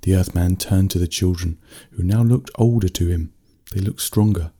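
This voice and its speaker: A man narrating a bedtime story in a steady, unhurried reading voice. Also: deep voice, breathy edge.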